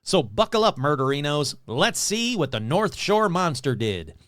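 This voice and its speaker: A man's voice: a little high, sing-song, moderate pace, a bit bright, dry recording, studio quality. A man hosting a podcast who talks in a sarcastic, rambling, self-mocking way. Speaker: podcast host. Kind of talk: casual comedic chat.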